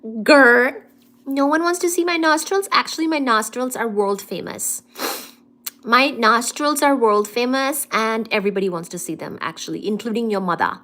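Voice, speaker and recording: A woman with a slightly high voice chats casually with her live stream audience from home. She is playful and affectionate, greeting viewers by name and reading out their comments. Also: lively intonation, normal speed, fairly bright tone. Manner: affectionate, calls viewers "darling".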